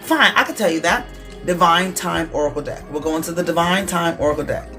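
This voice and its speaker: Hosting a live-stream, a tarot reader moves briskly through the card decks in a loose, casual, chatty manner. The middle-pitched voice keeps checking in with listeners, often asking "okay?", while soft music plays in the background.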